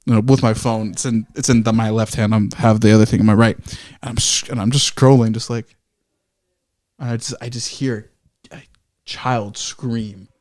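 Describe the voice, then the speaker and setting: This man co-hosts a podcast, speaking in a steady, darkish mid-range voice at a moderate pace. His casual storytelling is rambling and self-correcting, full of swearing and quoted asides acting out how he reacted.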